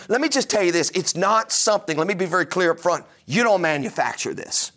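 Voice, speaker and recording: A man's voice: high voice, expressive, fairly quick, few pauses, fairly bright tone. A middle-aged man preaching a sermon, emphatic and full of rhetorical questions. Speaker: pastor.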